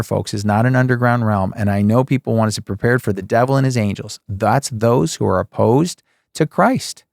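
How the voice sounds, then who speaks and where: A man's voice: mid-range voice, vocal fry, a little mellow, no echo, studio quality. A man teaching scripture in a casual, joking way, asking his listeners rhetorical questions and often saying "okay" and "folks.". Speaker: Bible teacher.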